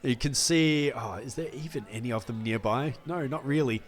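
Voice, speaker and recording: A man narrating a tabletop game as game master in a relaxed, hesitant way. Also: mid-range voice, normal speed, husky.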